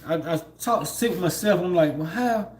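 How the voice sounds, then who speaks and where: Here a man gives a laid-back spiritual monologue on a home livestream, with plenty of filler words and laughter. He speaks briskly in a slightly high, darkish voice.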